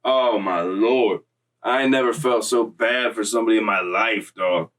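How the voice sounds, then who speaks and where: A man's voice: fairly low pitch, moderate pace, a bit bright, distant mic, rough recording. A young man casually telling a story in streetwise slang, profane, loose and rambling, recorded slightly off-mic.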